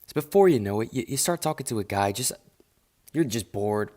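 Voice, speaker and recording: A man live streaming, ranting casually and swearing a lot. He sounds dismissive and rambles, breaking off and restarting mid-sentence. His pitch sits in a middle range for a man. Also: lively intonation, fairly quick, darkish tone. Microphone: earphones with mic.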